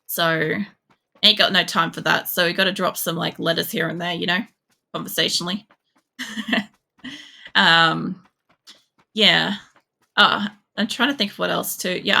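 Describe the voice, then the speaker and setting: Her voice sits lowish, gravelly, pushed, and bright. She's a young woman from Poland streaming a shooter game, rambling casually with frequent fillers and free-flowing profanity.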